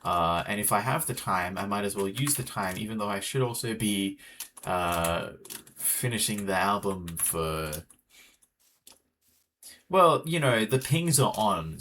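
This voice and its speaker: A man's voice: lowish voice, bright, forceful tone, slight background noise. An Australian man chatting casually with viewers while streaming a game, rambling as he talks. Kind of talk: casual live gameplay chat.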